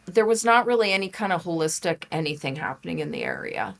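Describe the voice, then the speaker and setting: Brief: woman, slightly low pitch, chatty interview guest, animated storyteller. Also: fast, creaky. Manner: chatty and animated, frequent "like" and laughs. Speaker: podcast guest, holistic practitioner and author. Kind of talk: casual interview chat.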